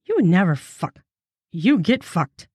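A woman's voice: fairly low pitch, big pitch swings, slow, darkish tone, breathy edge, dry recording, studio quality, full character voice. Woman voicing a shy flustered young woman.

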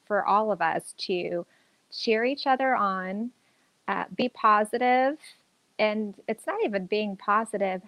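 A woman's voice: mid-range voice, dry recording, dull audio. A woman who acts and teaches acting, chatting upbeat and enthusiastic in an interview, with plenty of fillers. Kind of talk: casual interview chat.

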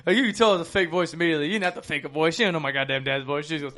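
A man's voice: on the high side, fairly even intonation, very fast, sharp tone. Rowdy young man telling crude stories. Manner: rowdy, profane, laughing storyteller. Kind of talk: crude casual storytelling.

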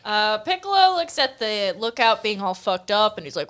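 A woman's voice: medium pitch, lively intonation, measured pace, fairly bright tone, clean tone. A woman co-hosting a comedy podcast, recapping scenes in a casual way and acting out the lines. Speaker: podcast co-host.

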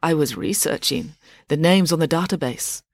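A woman voicing a tall, blunt Nordic woman athlete who speaks in a clipped, deliberate way. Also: low voice, animated, no room sound, studio quality.

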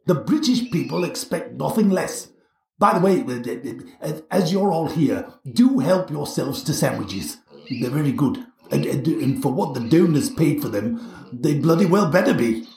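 Man plays bumbling posh PM, sputtering fillers, gravelly, distant roomy sound. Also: a little high, lively intonation, a little slow, a little mellow. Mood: blustering. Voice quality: posh bluster with stammering fillers. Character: bumbling blustering male prime minister, posh and crude. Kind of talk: satirical sketch. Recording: roomy, distant, faint noise.

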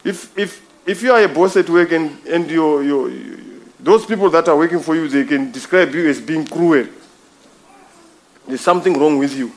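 A man's voice: a little high, moderate pace. A man preaching a sermon, emphatic and repetitive, calling his listeners brother. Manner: emphatic, repeats phrases, addresses listeners as brother.

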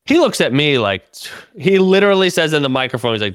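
A man, a comedian and podcast host, telling a story in casual chat, animated and full of swearing and restarts. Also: a little high, fast, smooth, no room sound, clean studio sound.

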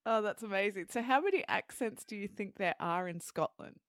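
A woman hosting a show who explains English words clearly and then interviews a guest. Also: mid-range voice, expressive, no room sound, studio quality. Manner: clear, measured teaching delivery. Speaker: host and English teacher.

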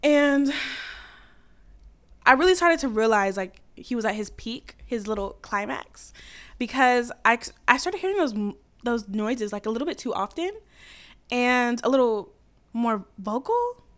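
A woman's voice: on the high side, big pitch swings, a little slow. A young woman hosting a podcast, telling a story in casual chat, giggling often and filling her speech with "like" and "um". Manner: chatty, giggly, heavy filler words. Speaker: podcast host.

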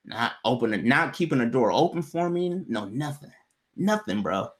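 A man's voice: medium pitch, animated, moderate pace. A man in casual conversation, telling a personal story in a candid, loose way with plenty of swearing.

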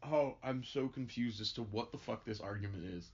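A man's voice: mid-range voice, normal speed, husky. A young man reading a play aloud with friends, breaking off into swearing, giggling and self-mocking asides. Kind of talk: casual read-through of a play with joking commentary. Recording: dull lo-fi audio.

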